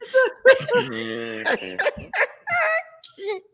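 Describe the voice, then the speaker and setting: A woman with a very high voice that swoops up and down. She speaks slowly in casual chat, keeps giggling through her words and swears as she goes. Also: huge pitch swings, creaky, a bit bright.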